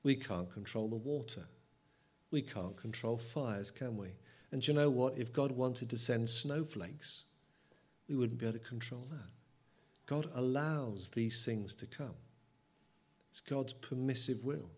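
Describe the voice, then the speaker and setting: A man preaching a sermon, dramatic, swinging from loud and high to hushed. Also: measured pace, breathy edge.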